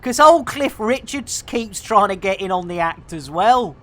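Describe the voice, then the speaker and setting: A woman streaming live, chatting casually in a bubbly, jokey way, with bursts of shouting and laughter. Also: medium pitch, lively intonation, unhurried, very noisy.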